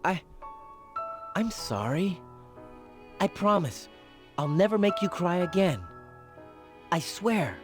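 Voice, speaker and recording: A woman's voice: on the low side, sing-song, slow, long pauses, music in the background. A woman voicing an eager teenage boy hero in a video game, bashful and boyish in his bragging. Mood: apologetic.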